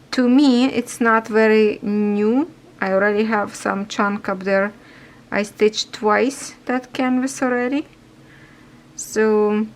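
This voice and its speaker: Craft vlogger, woman, non-native English, stuffy, unhurried rambling chat. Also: on the high side, a little hiss or hum, rough recording. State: stuffy nose. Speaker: cross-stitch vlogger. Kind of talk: casual chat while stitching.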